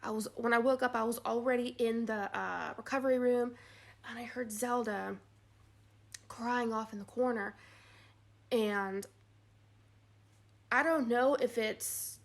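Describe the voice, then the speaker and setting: A young woman vlogger telling a personal story in a casual, rambling way, full of "like"s, getting animated at the funny parts. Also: a little high, measured pace, gravelly, pauses often.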